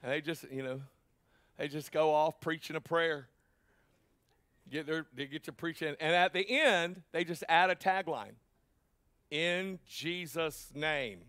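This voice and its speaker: High-voiced, fiery preacher man. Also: fairly even intonation, normal speed, no room sound. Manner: impassioned preaching, rising to shouts, with joking asides. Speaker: pastor. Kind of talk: sermon. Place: church.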